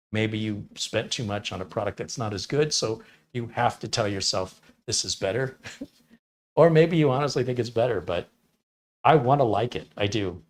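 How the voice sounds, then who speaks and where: A man's voice: fairly low pitch, slight background noise. Wry, opinionated middle-aged man. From Michigan, USA. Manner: wry, opinionated, sarcastic asides. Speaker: computer technician hosting a livestream. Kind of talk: casual chat answering viewers.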